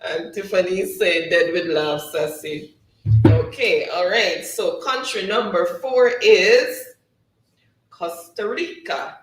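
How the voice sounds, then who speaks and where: Slow, chatty man in a roomy space. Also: high-pitched, fairly bright tone, recorded from a distance, faint music behind. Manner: chatty, often breaks into laughter. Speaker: host of a live trivia stream. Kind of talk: casual live-stream chat, reading viewer comments aloud. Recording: roomy sound, voice set back from the mic.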